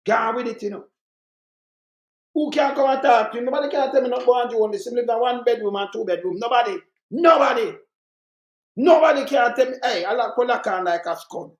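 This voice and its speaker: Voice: mid-range voice, fast talker. Fiery Jamaican commentator, roomy echo. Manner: fiery, repetitive, rants in Jamaican patois. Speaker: political commentator. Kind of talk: heated commentary monologue.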